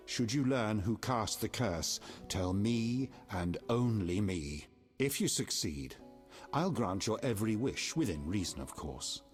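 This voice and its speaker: A stern middle-aged king gives commands and quiet threats in a deep voice with lively ups and downs. His delivery is measured and menacing, set over soft game music. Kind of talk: video game dialogue.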